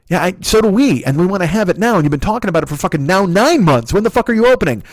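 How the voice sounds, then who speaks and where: A man in his forties from Chicago tells stories on his solo comedy podcast in a profane, exasperated rant. His speaking voice sits a little high. The recording is close and dry. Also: expressive, fast talker, few pauses, no echo. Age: 40s. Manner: profane, ranting, exasperated storytelling.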